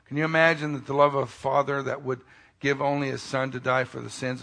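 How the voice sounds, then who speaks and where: A male pastor preaching a sermon, swinging between loud, emphatic declarations and quiet, intimate asides, with folksy jokes mixed in. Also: mid-range voice, level tone, a little fast, vocal fry.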